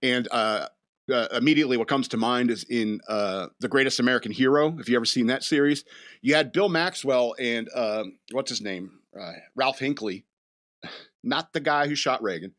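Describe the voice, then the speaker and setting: A man's voice: medium pitch, moderate pace, a bit bright. Guy hosting a laid-back chat show, rambly, chuckles a lot, mid-range voice. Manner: rambling, chuckles between thoughts, acts out voices. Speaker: podcast host. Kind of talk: casual chat.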